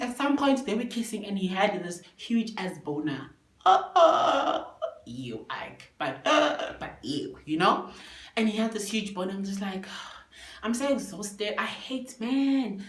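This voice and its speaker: A young South African woman telling a story to camera in a casual, animated way, switching languages and swearing freely. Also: on the high side, reverberant. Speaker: storytime vlogger.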